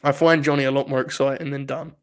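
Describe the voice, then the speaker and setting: A man from England co-hosting a podcast, chatting casually in animated, profane, joking rants. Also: mid-range voice, quick pace. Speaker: podcast co-host. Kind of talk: casual chat.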